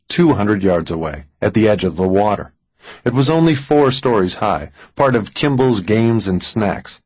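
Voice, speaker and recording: A man narrating a suspense audiobook in a measured way, slowing down for tense moments. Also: on the low side, a little mellow, dry recording, poor audio. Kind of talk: scripted narration.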